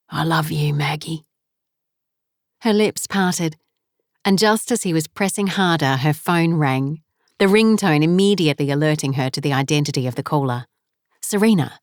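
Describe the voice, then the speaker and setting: A woman narrating an audiobook in an unhurried, measured reading. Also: low-pitched, no echo, studio quality. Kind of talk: scripted narration.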